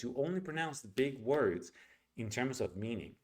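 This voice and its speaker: A young man whose first language is Spanish gives a casual spoken pronunciation lesson, animated and acting out sounds as he explains them. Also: mid-range voice, moderate pace. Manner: animated, demonstrates sounds aloud with filler words. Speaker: English pronunciation teacher.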